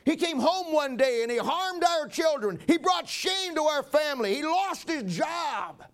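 A man's voice: very high-pitched, expressive, unhurried, voice pushed up, heavily acted. A man playing a tearful, desperate mother. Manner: tearful, pleading. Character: desperate, weeping mother of small children.

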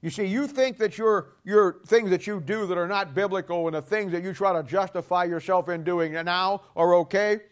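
A man preaching a sermon emphatically, voice dropping low and soft at the ends of points. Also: moderate pace, few pauses. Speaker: pastor.

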